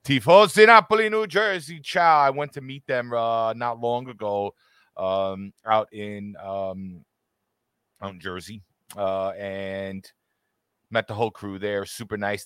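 Casual, upbeat male podcast co-host with a lowish voice, dry close recording. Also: fairly bright tone, clear, resonant tone, no room sound. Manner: upbeat, greets chat viewers by name. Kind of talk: casual live-stream chat. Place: home studio with green screen.

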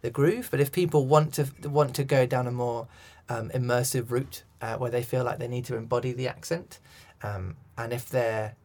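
Male coach, mid-pitched, thoughtful and rambling. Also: steady tone, moderate pace, few pauses, darkish tone. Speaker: accent coach and director. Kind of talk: interview conversation.

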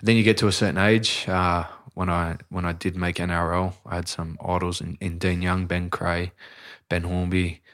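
A man's voice: deep voice, level tone, moderate pace, few pauses, a bit bright. An Australian rugby league player chatting as a podcast guest, laid-back and rambling, often saying "mate" and restarting his sentences. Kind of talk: casual podcast chat.

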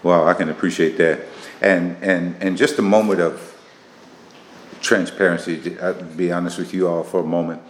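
A man hosting a casual faith-based interview, animated and teasing, laughing often. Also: sits low, normal speed. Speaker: interview host. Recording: echoey room with faint noise.

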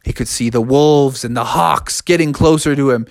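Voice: mid-range voice, moderate pace, creaky. A storyteller improvising a silly spoken story, rambling playfully from one "and then" to the next. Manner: playful, animated, rambling narration with run-on "and then".

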